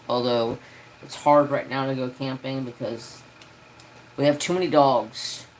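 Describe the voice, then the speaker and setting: Slow, rambling man chatting on a stream. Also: mid-range voice, slight background noise, poor audio. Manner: rambling, easygoing, with many fillers. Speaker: craft live-stream host. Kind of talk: casual live-stream chat.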